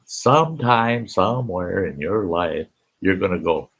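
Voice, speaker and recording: A man's voice: low-pitched, lively intonation, unhurried, a bit bright, breathy edge. An older man hosting a casual live stream, folksy, greeting chat viewers by name and often laughing, with an Upper Midwest American accent.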